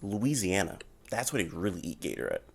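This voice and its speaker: A man hosting a podcast from Florida, chatting loosely and joking in quick bursts over a call. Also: deep voice, lively intonation, creaky, husky. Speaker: podcast host. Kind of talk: casual chat. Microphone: remote call mic.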